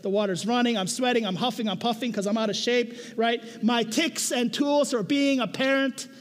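A man preaching a sermon, conversational and animated, often checking in with "right?" and telling stories with self-mocking humor. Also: extremely high pitch, normal speed. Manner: conversational, keeps asking "right?". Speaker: pastor. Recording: echoey hall.

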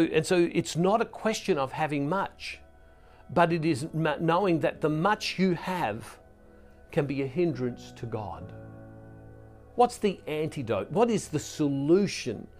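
A man's voice: fairly high pitch, darkish tone. A middle-aged man giving an earnest sermon as a preacher, often restarting and repeating himself. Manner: earnest, with frequent restarts and repetitions. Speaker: Catholic preacher and ministry founder. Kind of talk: reflective sermon talk.

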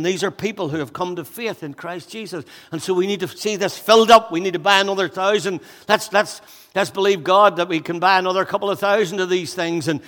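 Breathless preacher in a reverberant hall. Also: male voice, high voice. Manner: energetic, conversational preaching with jokes and asides. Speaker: pastor. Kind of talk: sermon.

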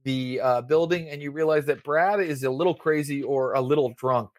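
A man's voice: medium pitch, moderate pace, darkish tone, no room sound, clean studio sound. A man narrating as game master in a tabletop role-playing game, with many fillers. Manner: rambling, filler-heavy narration.

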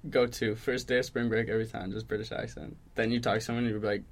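A young man co-hosting a casual sports podcast, joking around and laughing easily. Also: on the low side. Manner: jokey, animated, quick to laugh. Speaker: podcast co-host. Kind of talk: casual chat.

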